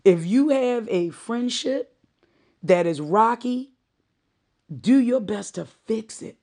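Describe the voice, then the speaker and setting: A woman's voice: on the high side, animated, takes it slowly, darkish tone. A middle-aged woman giving a heartfelt monologue, with emphatic, repeated phrases and moments of choking up. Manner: emotional, choking up.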